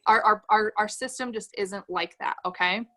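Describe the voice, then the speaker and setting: A woman's voice: medium pitch, normal speed, pushed and bright. A woman leading a sales team on a livestream, giving an upbeat motivational talk and reading comments from the chat aloud. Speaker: direct-sales team leader.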